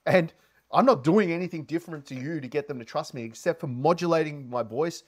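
A man's voice: a little high, a little fast. A man coaching on sales, talking to camera with lots of inflection and energy. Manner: animated, heavy inflection, energetic. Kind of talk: casual advice talk to camera.

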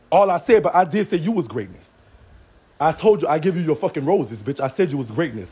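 A man's voice: fairly high pitch, big pitch swings, brisk, a little mellow, breathy edge. A man ranting on a livestream, brash and profane, trash-talking with a Southern US accent and frequent laughs. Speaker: live streamer. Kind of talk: livestream rant.

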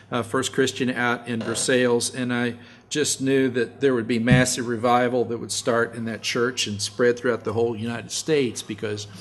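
A middle-aged man preaches in a folksy, storytelling way, his voice sitting at a middle pitch. He climbs loud and high when he drives a point home. The recording carries a faint background hiss. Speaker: pastor. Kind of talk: sermon.

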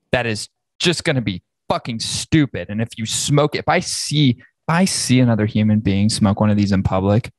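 A man's voice: medium pitch, no room sound. Podcast host guy, swearing a lot, fired up and ranting, dry close sound. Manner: profane, angry ranting. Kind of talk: casual podcast rant.

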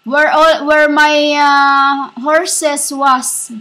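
High, slow-speaking woman preaching. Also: little pitch movement, sharp tone, poor audio. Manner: halting, repetitive, keeps addressing listeners as "women". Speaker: self-styled spiritual preacher. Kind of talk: rambling spiritual monologue.

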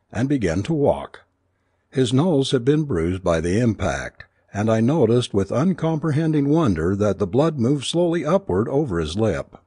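Male storyteller for an audiobook, low husky voice, lively intonation, dry close sound. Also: no room sound. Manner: measured, expressive storytelling. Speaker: audiobook narrator. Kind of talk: scripted narration.

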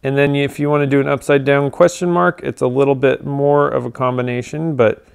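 Man, casual tutorial presenter, gravelly yet smooth tone, loose filler-heavy delivery. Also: medium pitch, a little fast. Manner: relaxed, with frequent ums and uhs.

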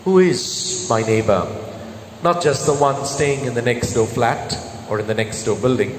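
A male priest reads the Gospel and gives a homily with slow, deliberate emphasis. His voice rings through a reverberant church. A faint hiss of ambience sits underneath. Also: medium pitch. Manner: slow, measured preaching with stressed words. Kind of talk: Mass reading and homily. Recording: echoey church with long reverb.

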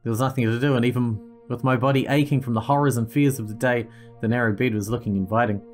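A man's voice: medium pitch, fast, soft background music. A man hosting a gaming channel, reading an interactive story game aloud, with small slips he corrects. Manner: steady reading, occasional slips and self-corrections.

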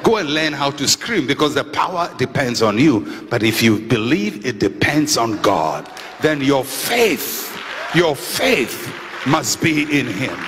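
A man's voice: mid-range voice, sing-song, measured pace. A middle-aged man, preaching a sermon in a conversational, storytelling way with dry humor. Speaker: pastor. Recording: reverberant hall with faint background noise.

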